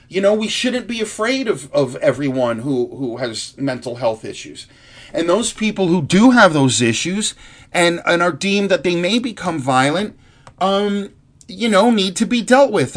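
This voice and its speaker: A high-pitched man rants angrily at his viewers in an earnest, heartfelt monologue. He is profane and rambling, and he keeps restarting his sentences.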